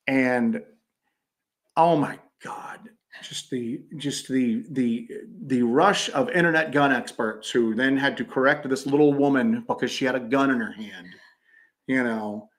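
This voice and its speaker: A man co-hosting a paranormal podcast livestream, telling stories in a joking, animated way. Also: mid-range voice, unhurried. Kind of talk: casual livestream chat.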